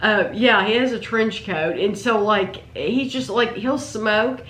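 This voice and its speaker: A woman's voice: medium pitch, measured pace, a bit bright, roomy sound. A woman, chatting animatedly as co-host about shows she watched. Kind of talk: casual chat.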